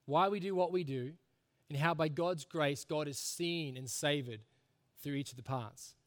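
A man in middle age preaches to his congregation, his voice sitting a touch higher than most men's. He talks in an earnest, conversational way, dropping low and quiet for solemn points and rising to emphatic bursts. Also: normal speed. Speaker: pastor. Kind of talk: sermon.

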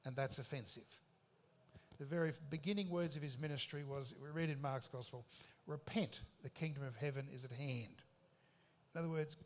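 A man's voice: mid-range voice, normal speed. A man preaching a sermon in an emphatic, conversational way, with rhetorical questions.

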